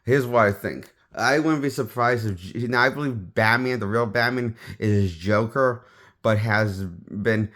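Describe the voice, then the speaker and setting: A man with a fairly low voice talks through a film review in a loose, unscripted way. He often breaks off and restarts his sentences as he goes. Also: measured pace, a bit bright. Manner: rambling, restarts sentences, offhand opinions. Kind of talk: casual spoken movie review.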